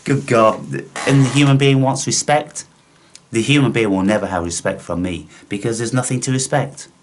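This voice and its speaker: A man's voice: medium pitch, fairly quick, a little hiss or hum. A man, delivering a scornful, profane, rambling monologue to his viewers. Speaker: vlogger. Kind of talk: ranting monologue.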